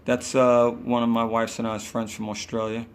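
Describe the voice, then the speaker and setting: Ny musician guy rambling through stories, does the voices, swears some, low hum of noise. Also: moderate pace. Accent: New York. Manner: rambling, animated, acts out quotes, swears. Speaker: musician guest. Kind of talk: casual storytelling interview. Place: hotel room.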